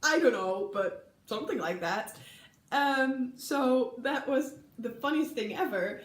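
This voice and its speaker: Young Dutch woman vlogger telling stories, bright, slightly high, giggly, full of fillers; echoey room. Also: lively intonation, slow pace. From Netherlands. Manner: chatty, giggly, many ums, acts out quoted people. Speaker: vlogger recalling an exchange year. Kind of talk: casual storytelling to camera.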